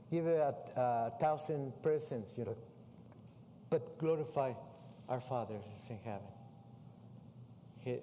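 A man, a missionary preaching a sermon with animated stories in English. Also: mid-range voice, slight background noise. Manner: animated storytelling with non-native English. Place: church sanctuary. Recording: far-off voice in a reverberant hall.

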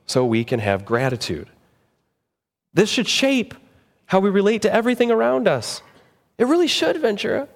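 Animated male preacher in a reverberant hall. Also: normal speed, pauses often. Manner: animated, acts out quoted voices with big pitch jumps. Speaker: pastor. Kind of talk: sermon.

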